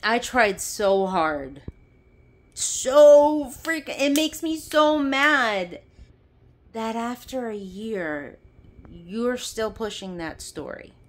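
A young woman vents into her phone camera in a heated, sarcastic rant. She swears freely and breaks into bitter laughs. Her words come at an unhurried pace. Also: on the high side, expressive. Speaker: vlogger. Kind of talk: angry personal rant to camera.

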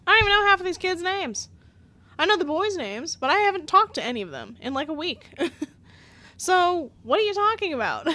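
A young woman talks through a story game in casual commentary. Her voice sits high and swings widely in pitch, and she breaks into frequent laughs and easy swearing when something annoys her. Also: big pitch swings, normal speed, bright, forceful tone. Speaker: gamer playing a story game.

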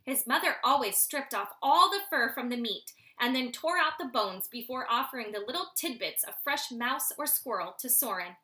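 Woman reading an audiobook, bright crisp voice, kinda high. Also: normal speed, hardly any pauses. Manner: steady storytelling. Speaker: audiobook reader. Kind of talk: scripted audiobook narration.

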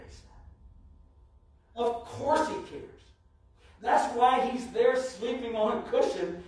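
A man with a high voice preaches slowly, leaning on each phrase with dramatic pauses. The sound rings heavily around a church sanctuary, as if the microphone sits well away from him. Every word carries the measured cadence of a Sunday sermon. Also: darkish tone. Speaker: pastor. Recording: very echoey church, mic from far off.

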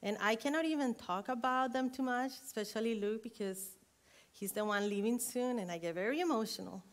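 A middle-aged woman, preaching a sermon in a church, warm and emotional, building to fervent exhortation. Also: on the high side, a little fast. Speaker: guest preacher. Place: church sanctuary. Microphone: earring interfering with mic, handheld or headset.

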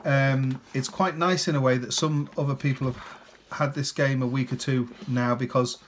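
A man's voice: medium pitch, steady tone, moderate pace, slight background noise. A man casually talking through a board game unboxing, chatty and rambling, often ending with tag questions.

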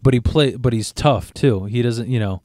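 A man in his thirties rambles through a casual podcast chat, swearing freely and restarting his sentences. His voice sits at a middle pitch. The recording is dry and close, with no room sound. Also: moderate pace, dark tone, no room sound. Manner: rambling, profane, frequent restarts. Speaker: podcast co-host, a father.

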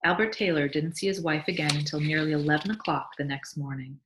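A woman teacher reading a short story aloud to a class, animated, with small restarts and asides. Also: low voice, fast talker, noisy background. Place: classroom or school library.

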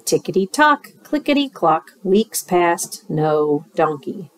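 Slow, expressive woman reading a picture book. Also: lowish voice. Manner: expressive, rhythmic, with asides to children. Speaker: teacher reading aloud. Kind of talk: storytime read-aloud.

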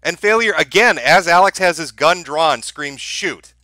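A man's voice: a little high, lively intonation, a little slow, pushed and bright. A man giving mocking commentary over a video clip, sarcastic and laughing at the footage. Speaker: online commentator.

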